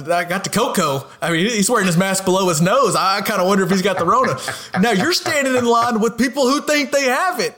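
High-voiced man joking on a podcast. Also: fairly bright tone. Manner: laughs often, joking, repeats words. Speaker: podcast co-host. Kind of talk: casual podcast chat.

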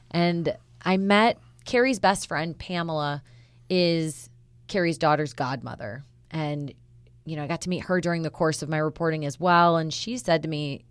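A woman reporter with a low voice recounts a news story in an earnest, conversational way. The sound is dry and close, with no room around her. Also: clear, resonant tone, dry recording. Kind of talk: podcast news discussion.

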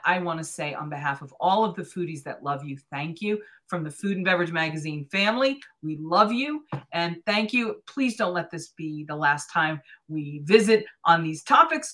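Bright-voiced woman closing an interview. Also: low voice, expressive, moderate pace, hardly any pauses. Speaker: magazine interviewer.

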